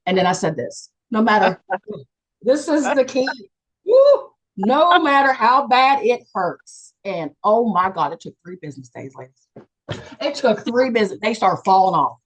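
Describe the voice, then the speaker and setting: A woman from West Virginia candidly telling her personal story on a video call, animated and acting out the voices of the people in it. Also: medium pitch, normal speed, breathy edge, poor audio. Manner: animated, acts out quoted people with big jumps in voice. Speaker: panelist and co-author sharing a near-death experience.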